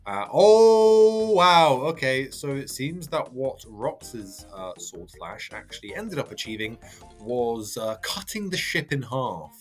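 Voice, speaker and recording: A man casually reading and reacting to a manga chapter, chatty and halting with lots of fillers. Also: medium pitch, expressive, a bit bright, slightly rough. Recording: faint background music.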